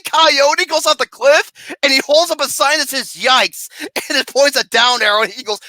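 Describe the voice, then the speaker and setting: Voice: high-pitched, animated, moderate pace, pushed and bright, dry recording. A movie reviewer ranting about a film in a comedic, profane way, mocking and sarcastic, swearing constantly and breaking into laughter.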